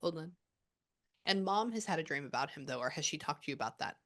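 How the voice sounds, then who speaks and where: A woman with a fairly low voice leads a spirit reading. She talks casually, breaks off to listen, then relays what she hears in quick quoted bits. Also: expressive, a bit bright. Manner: relays a spirit's words with quick asides and pauses. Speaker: psychic medium.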